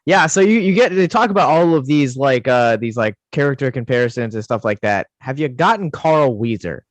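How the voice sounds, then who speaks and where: A man's voice: medium pitch, lively intonation, brisk, no echo. Playful man, teasing co-host. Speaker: podcast co-host. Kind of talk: casual chat.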